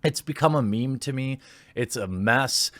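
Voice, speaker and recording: A man's voice: mid-range voice, measured pace, a bit bright, no echo. A man giving opinionated commentary, sarcastic and indignant, reading posts aloud and reacting to them.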